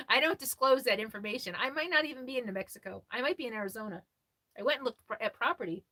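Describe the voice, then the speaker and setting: A woman hosting a casual livestream about RV life, chatting and answering viewer comments, laughing often and quick to apologize. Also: a little high, expressive, sharp tone. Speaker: RV lifestyle livestream host.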